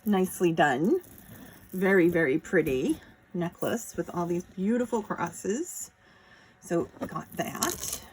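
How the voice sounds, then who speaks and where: A woman's voice: on the low side, expressive, slow, a little hiss or hum. A woman chatting casually as she shows off jewelry pieces one by one, admiring each as she handles it. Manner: chatty, admiring, talks while handling items. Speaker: jewelry seller showing auction finds. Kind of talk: casual show-and-tell chat.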